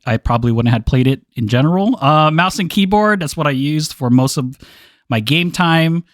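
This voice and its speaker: Man, raised pitch, hosting a relaxed game club chat; joking, quick to laugh, dry mic. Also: no echo. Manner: laughs often, joking, restarts words. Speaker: podcast host. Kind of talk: casual group discussion.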